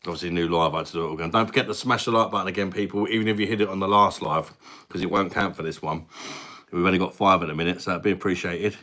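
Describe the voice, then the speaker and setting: Here the live stream host, an Englishman in his thirties broadcasting from his mum's house, talks very fast in a deep, pushed, bright voice with fairly even intonation. Chatty and matey, he responds to viewer comments and calls out their names.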